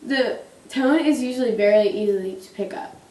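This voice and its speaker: A woman's voice: on the high side, moderate pace, a little mellow. Woman presenting, distant in a roomy space. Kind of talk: classroom presentation.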